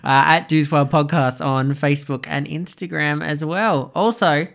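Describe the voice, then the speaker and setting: A man's voice: on the high side, fairly even intonation, measured pace, gravelly, background noise. A man guesting on a podcast, chatting casually in a wry, joking way.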